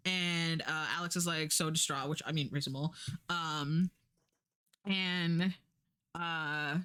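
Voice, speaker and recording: A woman's voice: steady tone, slow pace, sharp tone, clear, resonant tone. Chatty sarcastic woman streamer. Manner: chatty, sarcastic, acts out quotes in a higher voice. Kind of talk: casual retelling of a drama plot.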